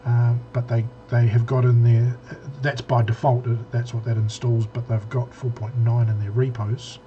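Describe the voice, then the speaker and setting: A man's voice: mid-range voice, flat delivery, moderate pace, muffled recording. A man co-hosting a casual tech podcast, rambling with many restarts and fillers. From New Zealand. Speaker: podcast co-host.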